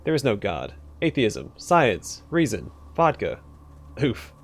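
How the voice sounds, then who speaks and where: A man's voice: on the low side, wildly swooping pitch, slow, heavily acted. A man voicing a jumpy clerk who blurts out slogans. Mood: twitchy. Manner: bursts out with shouted word lists, then apologizes.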